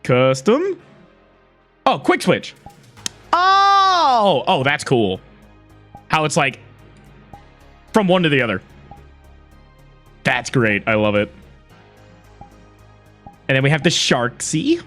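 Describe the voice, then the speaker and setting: Lively, excitable livestreamer. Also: medium pitch, takes it slowly, pauses often, faint music behind. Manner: excitable, laughing often, swearing casually. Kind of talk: casual livestream chat.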